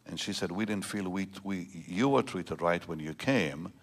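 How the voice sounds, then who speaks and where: A man's voice: low-pitched, moderate pace. A man in his seventies, a pastor telling a personal story in a sermon, rambling and emotional, with many restarts. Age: 70s. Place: large church.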